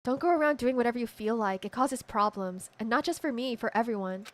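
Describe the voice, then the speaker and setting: A woman's voice: on the high side, fairly quick, natural voice. A woman voicing a cool, stern young female detective in a visual novel, speaking in a cold, clipped way.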